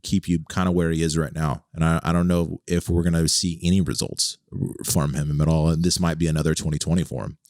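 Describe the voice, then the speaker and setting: A man's voice: very deep voice, steady tone, fairly quick, few pauses, a little mellow, no echo, studio quality. A man hosting a casual podcast chat, musing aloud with hesitant restarts. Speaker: podcast host.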